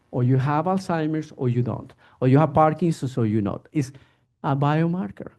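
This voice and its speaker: A male physician gives a relaxed, informal lecture to an audience. His voice sits fairly high yet sounds dark and mellow. He slips into little acted scenes with patients as he explains. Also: brisk. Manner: animated, acts out patient exchanges.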